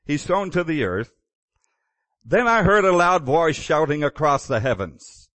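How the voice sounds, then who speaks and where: Male pastor with a higher voice, relaxed preaching style that chuckles and restarts, dry sound. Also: a little slow, no room sound. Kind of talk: sermon.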